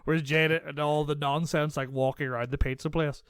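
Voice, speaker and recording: A man chatting casually on a podcast, laughing often as he retells scenes. His voice is smooth and clear, a little higher than most men's, recorded close and dry. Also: flat delivery, fairly quick, no room sound. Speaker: podcast co-host. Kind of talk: casual chat.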